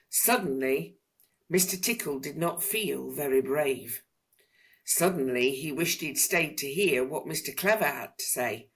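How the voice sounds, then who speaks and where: A woman reads a children's picture book aloud in a sing-song storytelling manner. Her voice sits low, with a lively swing in pitch. She takes the story at an unhurried pace. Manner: expressive, sing-song reading.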